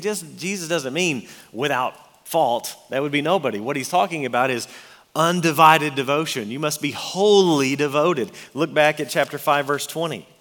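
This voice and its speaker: His voice sits a little high with a fairly bright tone. He preaches earnestly and emphatically, reading scripture and explaining it, heard through long hall reverb.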